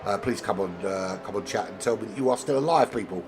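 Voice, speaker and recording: A man with a cold and a nasal voice, commentating an online sim racing league, rambling into asides and getting excited during close battles. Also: fairly low pitch, quick pace. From not American. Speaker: race commentator. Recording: game music and engine noise behind. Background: racing game audio and music.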